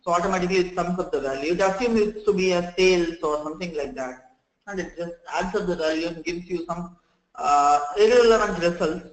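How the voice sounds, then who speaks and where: A man running a live software training session, explaining step by step, often saying "okay" and "friends" and restarting sentences. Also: high voice, fairly quick, reverberant, rough recording.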